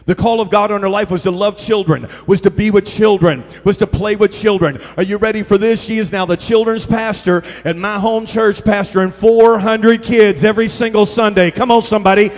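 A middle-aged pastor preaches with a fairly high voice, spinning lively stories and pulling the crowd in with call-and-response. His voice rings out with a long reverb, as if it fills a big church hall. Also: fairly quick, hardly any pauses. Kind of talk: sermon. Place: church sanctuary.

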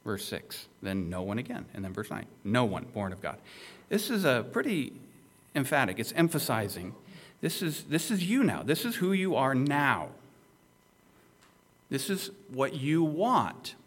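Male pastor, sermon, lively rising and falling pitch, emphatic, conversational, asks the congregation questions. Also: a little slow. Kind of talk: expository sermon.

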